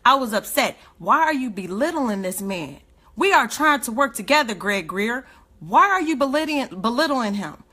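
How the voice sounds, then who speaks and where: Bright-voiced woman, impassioned rant. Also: a little high, animated, normal speed. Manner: emotional, indignant, rhetorical questions. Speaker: activist speaking on a livestream.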